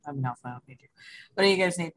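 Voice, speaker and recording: Female player, low voice, playful casual chat at the game table. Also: fast talker, a bit bright, low-quality recording. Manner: laughing, playful, eager.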